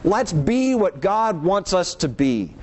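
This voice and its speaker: In a slow, sing-song delivery, a man gives an emphatic sermon, dropping to quiet low passages and rising on other lines. He asks the congregation rhetorical questions.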